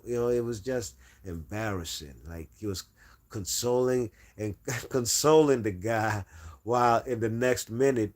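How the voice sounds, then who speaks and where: A man's voice: medium pitch, unhurried. A man hosting a casual boxing livestream, reading chat aloud and talking trash.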